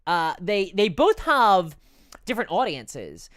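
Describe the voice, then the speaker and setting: A woman's voice: medium pitch, very animated, slow, no echo, studio quality. Rambling woman streaming live. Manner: rambling, stumbling over words, laughs often. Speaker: streamer answering live chat. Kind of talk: casual live-stream chat.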